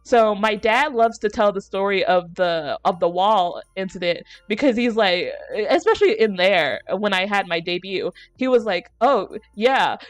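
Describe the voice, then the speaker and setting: A woman's voice: medium pitch, moderate pace, few pauses, dry recording, faint music behind. Rambling, giggly young woman streamer. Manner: rambling storyteller, laughs often, casual swearing. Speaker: VTuber streamer. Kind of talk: casual chat stream.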